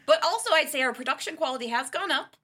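A woman co-hosting a casual podcast, playful and chatty as she runs through the show's announcements. Her voice is bright and rather high, with a lot of up-and-down movement. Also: lively intonation, fast talker. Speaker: podcast co-host. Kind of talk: casual chat.

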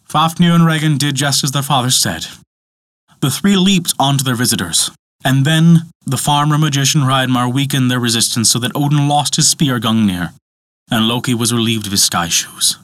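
A man narrating a myth as a storyteller, with expressive, dramatic delivery. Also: medium pitch, moderate pace, no room sound.

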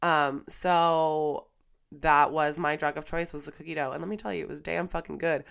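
A woman's voice: sits low, steady tone, normal speed, gravelly, a bit bright. A young woman, a fitness instructor hosting a podcast, talking candidly into a microphone in a stuffy, congested voice, raw and emotional, with casual swearing. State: stuffy and congested from crying and flu. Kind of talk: candid personal monologue. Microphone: studio microphone.

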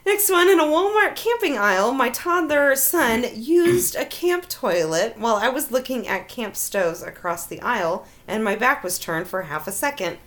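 A woman's voice: on the high side, animated, moderate pace, few pauses, fairly bright tone. A woman hosting a casual show, reading funny stories aloud and laughing often between them.

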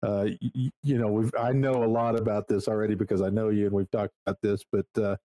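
A man's voice: lowish voice, level tone, fast, warm tone. A man hosting a casual interview, asking long rambling questions full of "uh" and restarts. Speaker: podcast host.

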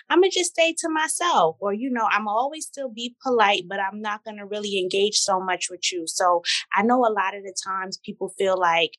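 A woman's voice: medium pitch, no echo. A woman in her thirties from Brooklyn with a New York accent, a guest talking casually and animatedly in an interview. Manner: animated, code-switching, laughs often.

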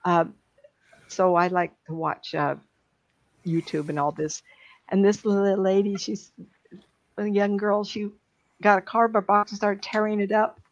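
A middle-aged woman, a psychic medium, giving readings on a live stream in an emotional, chatty way with many fillers and pauses. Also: mid-range voice, flat delivery. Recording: dull lo-fi stream audio.

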